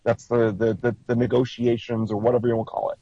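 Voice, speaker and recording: A man's voice: medium pitch, little pitch movement, fast talker, no echo. An American man leading a casual group discussion, explaining things emphatically and acting out quotes in mock voices. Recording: dry, slightly dull lo-fi recording.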